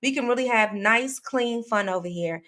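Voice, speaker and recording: A woman running a casual true crime livestream speaks to her viewers at a moderate pace and a fairly high pitch. Her talk rambles, with frequent fillers and restarts, as she reads comments aloud.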